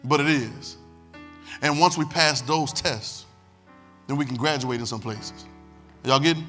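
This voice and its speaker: A man's voice: medium pitch, measured pace, pauses often, fairly bright tone, soft background music. A man a sermon as pastor, emphatic and repetitive, calling on the congregation to listen. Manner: emphatic, repetitive preaching with call-and-response.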